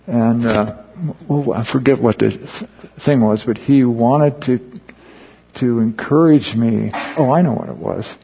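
A man teaching a Bible study in a relaxed, conversational way, mixing personal stories with scripture and often asking his listeners questions. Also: medium pitch, measured pace, gravelly, slight background noise. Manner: conversational, with frequent questions to the audience; tells personal stories while explaining scripture. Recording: dull lo-fi recording.

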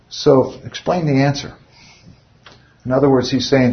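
A man's voice: mid-range voice, fairly even intonation, a little slow, long pauses, muffled recording. A man leading an informal Bible study, speaking conversationally and often putting rhetorical questions to his listeners.

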